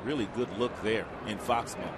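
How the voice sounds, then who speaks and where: A man giving baseball color analysis from a stadium booth, explaining pitches in a coaching tone. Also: fairly even intonation, normal speed. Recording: broadcast with loud stadium crowd and noise. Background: loud ballpark crowd.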